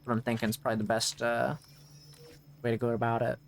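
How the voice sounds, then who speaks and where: A man live-streaming a video game, chatting casually as he plays. He rambles and often stops mid-sentence to correct himself. His voice sits at an ordinary middle pitch. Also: completely flat delivery, quick pace, vocal fry, a little hiss or hum. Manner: rambling, restarts mid-thought, self-correcting. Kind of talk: casual gameplay commentary.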